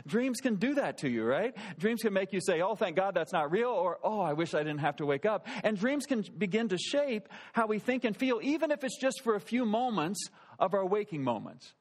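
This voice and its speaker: A pastor in his thirties telling a personal story in a relaxed, conversational sermon and asking his listeners questions. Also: sits high, fairly quick.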